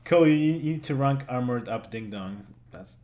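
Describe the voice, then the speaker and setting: A German man in his 20s, whose first language is German, hosts a casual gaming podcast and also streams games. He jokes, laughs often and swears casually, his mid-range voice expressive and darkish in tone, at a normal speed.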